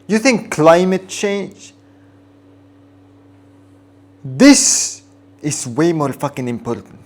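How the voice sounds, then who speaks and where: Slow-talking, profane, mock-outraged man. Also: on the high side, very animated. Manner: mock-outraged, profane, over-the-top ironic delivery. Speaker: vlogger. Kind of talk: comedic rant to camera.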